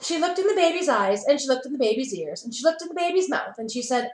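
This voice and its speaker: A woman playschool teacher reads a picture book to children over a video call, stopping for animated asides. Her voice is high and sounds roomy and echoey. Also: quick pace, few pauses.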